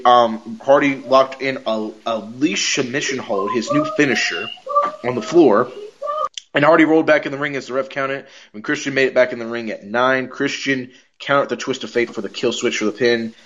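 A man in casual podcast chat, telling wrestling stories with lots of energy and the odd curse word. His voice sits at an ordinary pitch. The recording sounds a little dull and muffled. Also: normal speed, a little hiss or hum. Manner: animated storyteller, swears and laughs mid-sentence. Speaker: podcast co-host.

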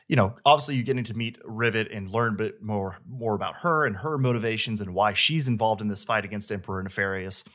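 A man's voice: on the low side, fairly bright tone. A man hosting a casual chat, rambling enthusiastically about a video game. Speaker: host, game reviewer.

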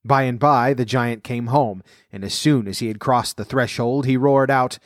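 Male storyteller, fairy tale, mid pitch, steady and measured, dry close sound. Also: no room sound.

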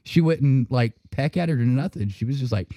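A man hosting a podcast in casual chat, telling animated stories full of swearing and frequent laughter. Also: medium pitch, moderate pace, no echo, studio quality. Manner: profane, laughing, animated storytelling. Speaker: podcast host.

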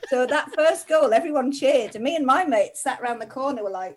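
A woman in her forties from Middlesbrough, telling stories as a podcast guest in lively casual chat. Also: sits high, fairly quick. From England (Middlesbrough). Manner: lively storyteller, laughs often. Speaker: guest, TV presenter.

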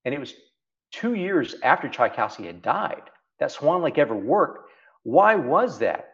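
With a fairly high, slightly bright voice, this middle-aged Texan private equity CEO is very animated yet keeps a measured pace as an interview guest. He reflects emphatically, repeating phrases for stress, and the sound is lo-fi.

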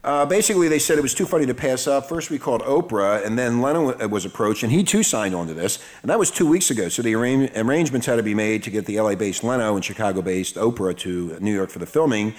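A man's voice: medium pitch, lively intonation, fast talker, hardly any pauses. A man hosting an online talk radio show, chatting casually and rambling through news with lots of fillers.

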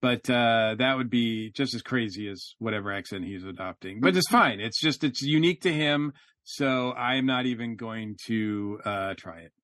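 A man co-hosting a podcast, talking casually and haltingly with many fillers. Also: mid-range voice, fairly bright tone, no echo. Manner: hesitant, lots of uh and um. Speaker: podcast co-host. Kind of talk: casual chat.

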